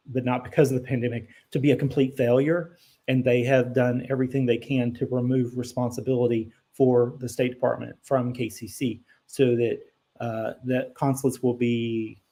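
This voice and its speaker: A man's voice: mid-range voice, vocal fry, darkish tone. A man hosting a live immigration Q&A, answering viewer questions in a conversational way, thinking aloud with ums and self-corrections, and turning blunt when he corrects misconceptions.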